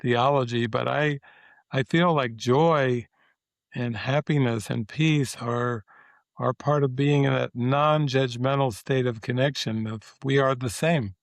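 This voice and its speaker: An older man, a spiritual teacher, talking as a guest in a relaxed interview, meandering and reflective with many pauses and fillers. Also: medium pitch, vocal fry, no room sound. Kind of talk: casual interview talk.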